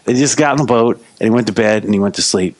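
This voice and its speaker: A man's voice: on the low side, fast. A male pastor preaching a sermon in a casual, playful storytelling manner.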